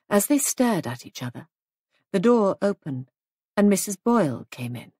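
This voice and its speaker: A female audiobook narrator reads in a measured, even storytelling style at medium pitch. The recording is dry, with clean studio sound.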